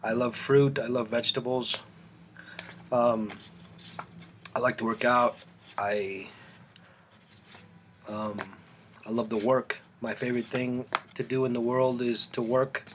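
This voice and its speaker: A man in his forties, born in Colombia, chatting casually to camera in his home art studio, halting and full of restarts. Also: mid-range voice, steady tone, a bit bright, a little hiss or hum. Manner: rambling, halting, with many restarts and fillers. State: eating, mouth full at times. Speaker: artist and channel host.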